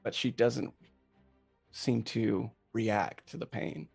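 A man's voice: mid-range voice, slow pace, vocal fry, a little mellow, slightly rough, faint music behind. A man narrating a tabletop game as game master, teasing the players and laughing easily.

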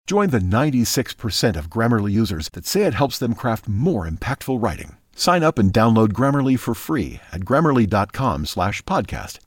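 Man reading an upbeat ad, husky. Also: mid-range voice, no echo, studio quality. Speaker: ad announcer. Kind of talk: scripted ad read.

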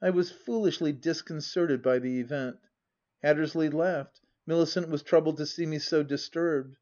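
Male audiobook narrator, slightly high voice, measured reading, lo-fi dull recording. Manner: even, measured first-person reading. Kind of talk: classic novel narration.

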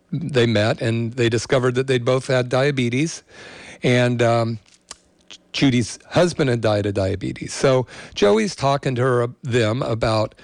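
A man's voice: medium pitch, no echo. A middle-aged man hosting a health show, telling a story in a rambling, casual way with many fillers.

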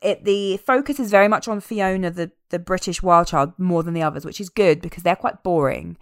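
A woman chatting casually as a podcast co-host, animated and amused as she recaps a film. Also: fairly low pitch, fairly quick, no room sound, studio quality. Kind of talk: casual chat.

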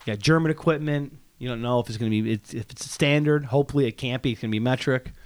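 A man's voice: mid-range voice, quick pace, clear, resonant tone, no echo. A man co-hosting a podcast, joking and swearing in casual banter. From near Lake Ontario, across from Toronto. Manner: animated, joking, swearing freely. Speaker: podcast co-host.

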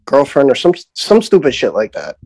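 A man's voice: mid-range voice, wildly swooping pitch, normal speed, a little mellow, no room sound. A man in casual chat, rambling and profane, often restarting his sentences.

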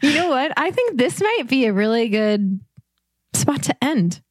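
A woman's voice: high voice, big pitch swings, measured pace, no room sound, clean studio sound. A woman hosting a podcast, chatting casually and giggling often. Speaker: podcast host. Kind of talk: casual chat.

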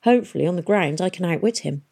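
A woman's voice: fairly low pitch, expressive, fast, vocal fry, warm tone, husky, heavily acted. A woman voicing a fierce, blunt young woman in an audiobook, speaking curt and matter-of-fact. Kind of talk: audiobook character voice.

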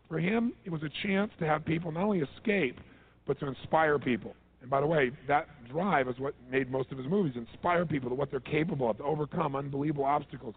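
A man, a motivational speaker, telling stories in an animated way and acting out the quotes. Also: on the high side, creaky, breathy edge. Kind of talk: storytelling talk. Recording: tinny phone-like line with faint music.

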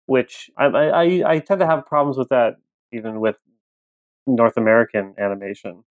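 A man chatting on a podcast panel, animated, joking and stumbling into restarts. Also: medium pitch, moderate pace, dry recording, narrow, tinny audio. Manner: animated, jokes, stammers into restarts. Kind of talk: casual chat.

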